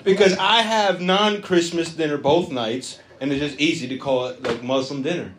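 A man's voice: a little high, moderate pace, a bit bright. A man doing profane, brash crowd-work stand-up comedy on stage. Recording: live club audience. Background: crowd laughter.

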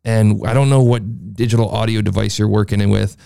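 A man's voice: lowish voice, little pitch movement, a little fast, gravelly, mellow, clear, resonant tone, no echo. A man reviewing a podcast in casual, enthusiastic talk that loops back on itself, through a processed, beefy studio mic. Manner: rambling, enthusiastic, talks in circles. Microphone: processed studio mic, beefy sound.

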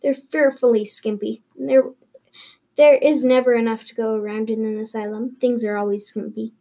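A woman's voice: fairly high pitch, steady tone, moderate pace, mellow. A woman voicing an eager, talkative eleven-year-old orphan girl who speaks in a dreamy, earnest, wordy way.

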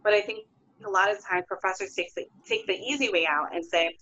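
A woman's voice: medium pitch, brisk, sharp tone. A young woman speaking as a guest, reflective and hesitant, often searching for her words. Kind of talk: casual conversation. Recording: muffled lo-fi audio.

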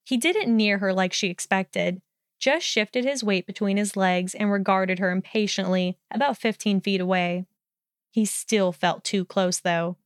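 A woman reads a story aloud in a steady, measured voice. Her mid-range tone is smooth and clear, and the recording is dry with no room echo.

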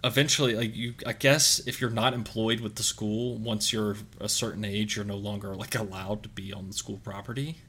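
A man's voice: fairly low pitch, steady tone, moderate pace, few pauses, pushed and bright, slightly rough. A young man on a podcast, chatting casually and telling a rambling story full of fillers and restarts. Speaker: podcast co-host.

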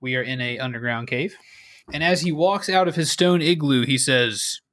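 A man's voice: mid-range voice, normal speed, a bit bright, no echo, clean studio sound. A man narrating a tabletop game as game master on a stream, talking with many ums and restarts. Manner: hesitant, full of ums and restarts.

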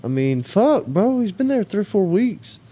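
A man's voice: sits high, very animated, moderate pace, dark tone, slightly rough. A man co-hosting a casual podcast chat, rambling and swearing as he tells a work story. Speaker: podcast co-host.

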